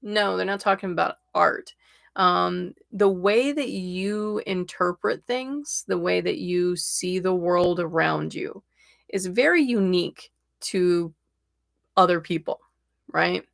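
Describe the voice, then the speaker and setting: A young adult woman hosting a casual livestream tarot reading, chatty and excitable, laughing often. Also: fairly low pitch, takes it slowly, gravelly, no echo, clean studio sound. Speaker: tarot reader and livestream host.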